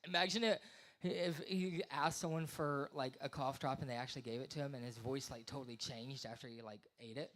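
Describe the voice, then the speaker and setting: A man's voice: mid-range voice, fairly even intonation, brisk, fairly bright tone. A man in his thirties doing rambling, self-deprecating stand-up at an open mic, acting out voices. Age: 30s. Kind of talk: stand-up comedy. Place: small live venue.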